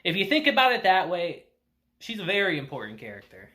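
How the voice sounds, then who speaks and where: Reviewing an episode of anime, this man keeps things relaxed and talkative at a fairly quick clip. He voices the characters with big pitch leaps, his tone bright and up-front, and his commentary is full of laughter and offhand cursing.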